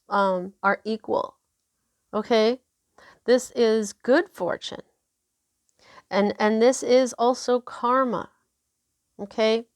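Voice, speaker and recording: A woman talks through a tarot spread at an unhurried pace, full of fillers and little asides. Her voice sits in a middling pitch. The recording is dry and close, with no room sound. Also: dry recording. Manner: chatty, unhurried, many fillers. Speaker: tarot reader. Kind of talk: casual tarot reading.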